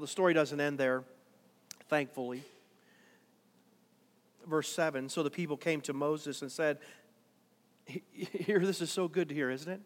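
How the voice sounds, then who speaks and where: A man preaching a sermon in a dramatic way, swinging between quiet, drawn-out lines and loud, urgent ones. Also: high-pitched, big-room sound. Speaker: pastor.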